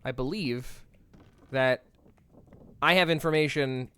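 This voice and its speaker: A man's voice: medium pitch, slow, bright, forceful tone, clear, resonant tone, no echo. A man streaming a game, thinking aloud in a playful, rambling way and swearing casually as he talks to chat.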